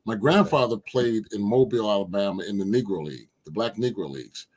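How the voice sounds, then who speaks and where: With a voice on the low side and a fairly quick pace, a former basketball player from Philadelphia, USA, tells stories as a guest. It's a casual storytelling interview, and he animatedly acts out the quotes.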